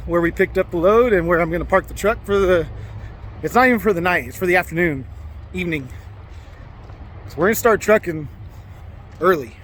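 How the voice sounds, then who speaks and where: A man's voice: a little high, fairly bright tone, a little hiss or hum. Joking, rambling man vlogging outdoors. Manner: joking, rambling with many fillers. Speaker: trucking vlogger. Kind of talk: casual vlog chat to camera. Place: outdoors in a small mountain town.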